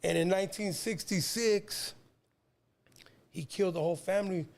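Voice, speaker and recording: A man in his fifties with a high, gravelly voice tells a personal story as a guest. He rambles, restarts and repeats words, leaning on street slang. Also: moderate pace, a little mellow. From San Diego, California. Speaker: interview guest, rapper. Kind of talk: casual storytelling.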